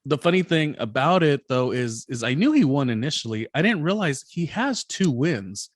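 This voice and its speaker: A man hosting a casual recap podcast, rambling and hesitant, filling pauses with lots of ums. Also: fairly high pitch, very animated, no echo, clean studio sound. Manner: rambling, hesitant with many fillers. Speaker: podcast host.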